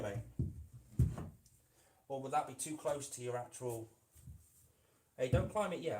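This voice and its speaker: A man's voice: mid-range voice, lively intonation, normal speed, pauses often, darkish tone. Chatty man talking to his lizard. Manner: chatty, talks fondly to his lizard as "mate". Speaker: reptile keeper and channel host. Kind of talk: casual live-stream chat. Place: indoors by a reptile enclosure. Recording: echoey room with faint noise.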